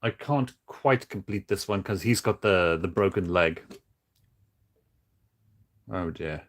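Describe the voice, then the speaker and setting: A man streaming casually while building toys, talking in a flat, monotone way with many halting restarts. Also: low-pitched, a little hiss or hum. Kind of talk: casual livestream chat.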